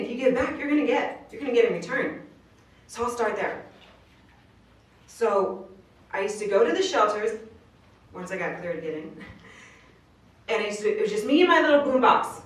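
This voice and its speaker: A woman's voice: medium pitch, a bit bright. A woman giving an earnest inspirational speech at a live venue, telling her story in casual slang. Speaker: motivational speaker. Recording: roomy distant live recording.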